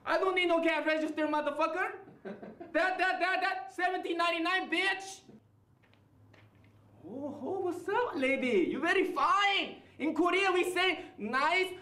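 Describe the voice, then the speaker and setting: A male comic playing a loud, crude liquor store owner in a stand-up bit, with exaggerated shopkeeper patter. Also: very high-pitched, drawn-out words, long pauses, exaggerated voice. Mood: brash. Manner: exaggerated put-on foreign-sounding shopkeeper patter, crude punchlines. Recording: echoey club from far off with noise.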